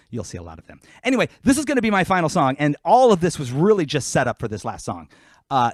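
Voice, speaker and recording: A man's voice: mid-range voice, dry recording, clean studio sound. A man from Queens with a New York accent, joking casually with his audience and then rapping a comic song. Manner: animated, joking, rapping over a beat. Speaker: musician performing a livestream. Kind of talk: casual stage banter and rap performance. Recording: hip hop backing track behind the voice.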